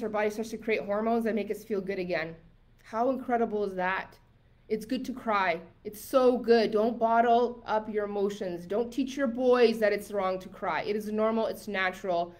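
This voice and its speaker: A woman coaching a live online masterclass, chatty and emphatic, with many likes and rights, sometimes reading viewer comments aloud. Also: fairly high pitch.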